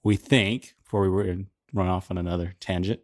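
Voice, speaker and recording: Low-voiced man steering a podcast chat. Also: fairly even intonation, no echo, studio quality. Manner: steers the talk back on topic, unhurried. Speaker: podcast co-host. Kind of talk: casual chat.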